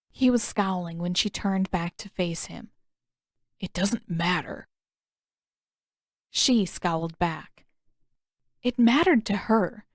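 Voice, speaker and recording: A woman reading her own fanfiction aloud as a podfic with steady, even-paced storybook narration. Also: medium pitch, dry recording, studio quality. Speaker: fanfiction author and podfic reader.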